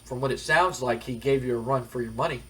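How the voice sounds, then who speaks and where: A man voicing a jealous younger brother who wrestles, in a sarcastic, needling way, with a husky voice. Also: mid-range voice, quick pace, natural voice.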